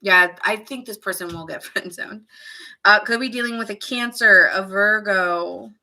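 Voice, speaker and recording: A tarot reader gives a casual live reading, chatting, responding to viewers' comments, laughing often and musing aloud. Her voice is medium in pitch, pushed and bright, at a moderate pace.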